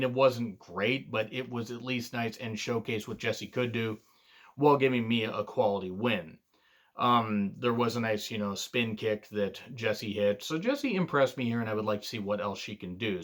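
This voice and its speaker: A man's voice: on the low side, fairly bright tone. A man reviewing a wrestling show in a casual monologue, blunt and profane, drifting into digressions with lots of fillers.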